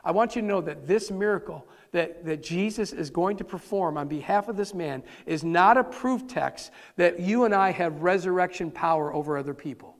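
A male pastor preaching a sermon live, earnest and animated, often restarting his words. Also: sits high, moderate pace, few pauses, long reverb tail. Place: church sanctuary, live-streamed service.

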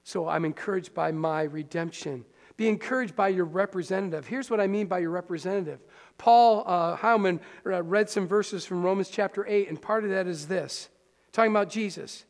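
A man pastor preaching a sermon in a conversational, animated way, with quick asides to the congregation. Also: high voice. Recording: long hall reverb.

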